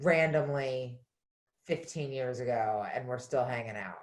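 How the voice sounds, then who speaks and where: A woman who is a mom and a producer, a guest in a casual podcast chat, reacting quickly and laughing often. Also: very deep voice. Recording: echoey room.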